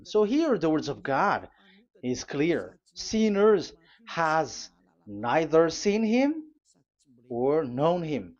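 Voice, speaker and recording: With a fairly high, very animated and slightly mellow voice, a man delivers a live sermon, reading scripture and pressing urgent warnings on his audience. He speaks haltingly, with many fillers and restarts, and the sound is dull and lo-fi.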